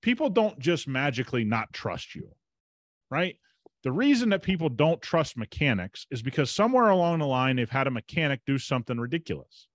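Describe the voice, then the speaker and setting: A man hosts a podcast, spinning a long anecdote in casual, emphatic talk. His voice sits at an ordinary middle pitch. The sound is close and dry, with no room around it. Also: very animated, fairly quick, dry recording. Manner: chatty, emphatic, retells conversations with quoted dialogue. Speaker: podcast host. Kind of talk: casual storytelling monologue.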